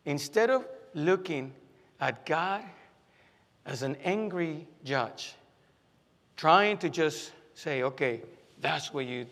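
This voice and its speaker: A man preaching a sermon in a conversational way, often repeating phrases for emphasis and pausing on fillers. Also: on the high side, a bit bright. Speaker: pastor. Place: church sanctuary. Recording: long hall reverb.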